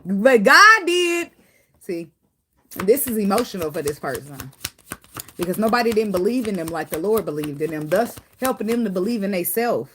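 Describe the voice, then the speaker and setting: A woman giving a casual spiritual tarot reading, swearing freely and jumping into high acted quotes. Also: expressive, fairly quick, darkish tone, a little hiss or hum. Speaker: tarot reader.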